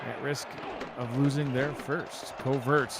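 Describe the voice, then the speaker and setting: A man with a New York accent calling play-by-play for a simulated football game, brisk and joking. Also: mid-range voice, steady tone, vocal fry, heavy background noise. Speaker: play-by-play announcer. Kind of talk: play-by-play commentary.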